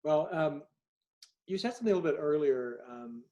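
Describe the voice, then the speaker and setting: A man's voice: a little high, animated, fairly quick, warm tone, highs cut off. A middle-aged man, an author being interviewed, telling candid anecdotes and acting out bits of dialogue. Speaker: author guest. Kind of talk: storytelling in an interview.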